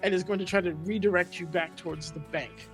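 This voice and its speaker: A man's voice: high voice, steady tone, fast talker, soft background music. A man running a tabletop game as game master, narrating with many ums and restarts. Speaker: dungeon master.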